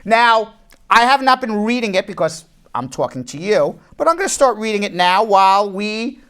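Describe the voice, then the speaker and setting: A woman's voice: medium pitch, lively intonation, moderate pace, a bit bright, clear, resonant tone. A woman hosting a live immigration law show, joking and repeating her phrases for emphasis, then giving firm legal advice. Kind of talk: live call-in show banter.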